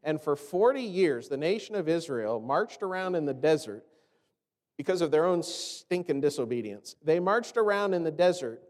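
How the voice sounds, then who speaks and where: A pastor delivers his sermon in a chatty style, asking rhetorical questions and dramatizing the complaints he cites. His somewhat high voice has a sing-song, slightly mellow quality at normal speed, trailed by long reverb.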